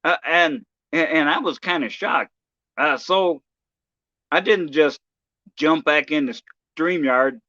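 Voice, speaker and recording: A man vents on his own livestream in a casual, halting way, tripping over restarts and swearing freely. His voice sits a bit high and sounds bright and forceful. The mic is dry and a little dull. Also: no room sound. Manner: halting, many restarts and stammers, profane. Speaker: live streamer.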